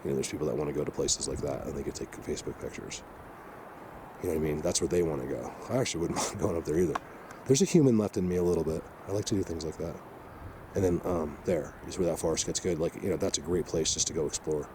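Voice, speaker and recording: A man hosting an outdoor vlog, rambling excitedly with many fillers as he walks through a mountain forest. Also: extremely low pitch, fast talker, background noise. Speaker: vlog host exploring the outdoors. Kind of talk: casual walking vlog commentary.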